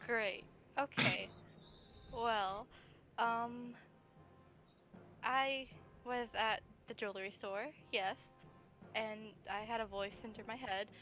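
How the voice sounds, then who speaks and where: A woman's voice: on the high side, fairly even intonation, slow, pauses often, sharp tone, highs cut off, faint music behind. A woman playing a tabletop game, speaking in character, hesitant and stumbling. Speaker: player. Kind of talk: tabletop role-play.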